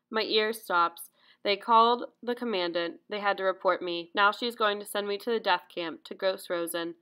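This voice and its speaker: A woman reading memoir narration aloud in a measured, earnest way. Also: on the low side, a bit bright, clean tone. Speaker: audiobook narrator.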